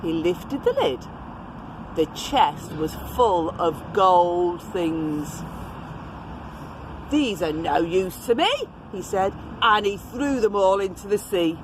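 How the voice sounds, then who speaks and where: Woman reading storytime to kids outdoors, slow and super expressive, bit of traffic behind. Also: fairly low pitch. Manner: gentle, addresses children directly.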